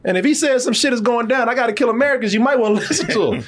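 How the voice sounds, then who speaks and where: A man in a casual movie review chat who talks in a profane way and acts out scenes. His voice is high and lively, with wide swings in pitch. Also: fast. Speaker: podcast host.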